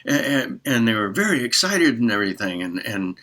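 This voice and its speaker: Unhurried rambling male storyteller, bright voice, lively pitch. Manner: rambling, with many fillers and restarts. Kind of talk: casual spoken storytelling.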